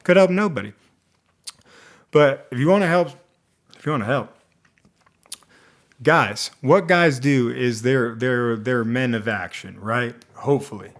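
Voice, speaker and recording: A man gives a casual, unscripted review of a movie. He rambles and keeps restarting his sentences. His voice has a medium pitch and gets animated. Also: unhurried, long pauses. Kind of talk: casual one-take commentary.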